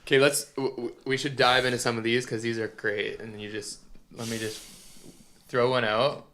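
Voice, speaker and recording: A man hosting a podcast in relaxed, everyday conversation. He sounds eager and upbeat, drops the odd curse word, and nudges his guest from one story to the next. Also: mid-range voice, moderate pace, slight background noise. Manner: enthusiastic, swears casually, keeps the talk moving. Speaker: podcast host. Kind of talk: casual conversation.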